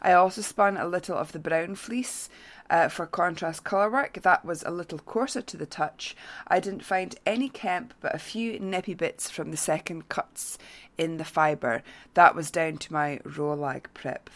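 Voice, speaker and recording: A woman hosting a casual craft podcast, reading listener notes aloud in a halting way with fillers. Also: sits low. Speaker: podcast host.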